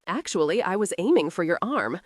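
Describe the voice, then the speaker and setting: A woman's voice: lowish voice, big pitch swings, a little fast, dry recording, studio quality. A woman voicing a brave, blunt young woman in an audiobook. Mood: earnest.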